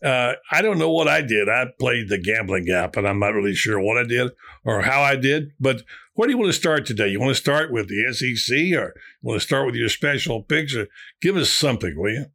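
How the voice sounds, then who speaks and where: A male sports talk host banters with his co-host in a gruff, exasperated, wisecracking way. His voice is bright and sharp, sitting at an ordinary pitch. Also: lively intonation, fairly quick.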